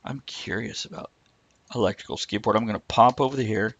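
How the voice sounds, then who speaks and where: A man's voice: on the low side, fast, fairly bright tone, dry recording, dull audio. A man co-hosting a live stream, rambling casually and breaking off mid-thought. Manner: rambling, self-interrupting, reads chat aloud. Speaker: livestream co-host.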